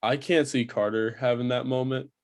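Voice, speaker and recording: A man's voice: mid-range voice, steady tone, normal speed. A man chatting casually on a podcast in laid-back, teasing banter.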